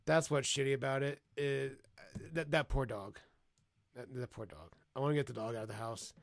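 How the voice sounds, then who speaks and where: Give me a gravelly-voiced man casually reacting to a video, dry and close. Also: medium pitch, normal speed, dry recording. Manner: laid-back, swears freely.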